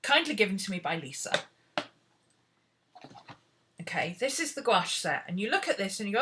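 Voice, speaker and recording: A woman's voice: mid-range voice, big pitch swings, moderate pace, pauses often, a bit bright, a little hiss or hum. A British woman teaching painting in a casual, rambling tutorial, chatting and talking to herself as she works. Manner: chatty, rambling, talks to herself while searching. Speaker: art teacher.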